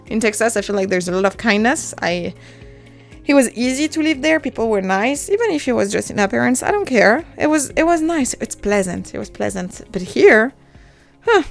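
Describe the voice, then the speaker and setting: A woman's voice: on the high side, lively intonation, normal speed, creaky, soft background music. A woman in her thirties with a French accent, hosting her own podcast in a chatty, self-deprecating way and laughing often. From France. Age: 30s. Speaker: podcast host. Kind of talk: casual solo podcast monologue.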